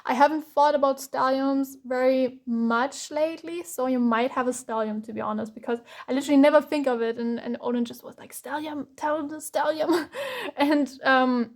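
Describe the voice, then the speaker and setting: A woman's voice: sits high, steady tone, moderate pace. A young woman from Germany giving an emotional tarot reading, close to tears and hesitant, with many fillers and restarts. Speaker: tarot reader.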